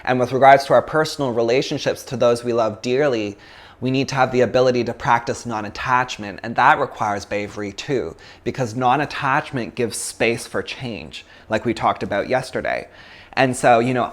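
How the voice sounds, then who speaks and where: A man's voice: mid-range voice, moderate pace. A man from Canada, a yoga teacher giving a chatty, casual philosophy talk, full of fillers and laughs.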